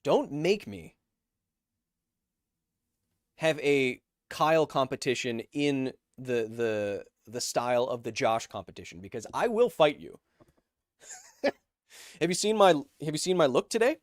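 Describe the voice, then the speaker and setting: A man's voice: mid-range voice, very animated, a little slow, long pauses, dry recording, studio quality. A man hosting a casual livestream, reading out viewer donations and answering them with playful, self-mocking jokes.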